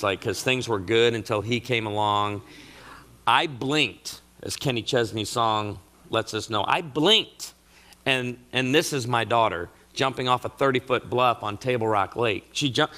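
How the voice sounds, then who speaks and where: A middle-aged man speaks to a marriage conference audience in a sermon-style talk, his voice bright and forward. He tells stories with lively comic timing. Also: mid-range voice. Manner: animated storyteller with comic asides.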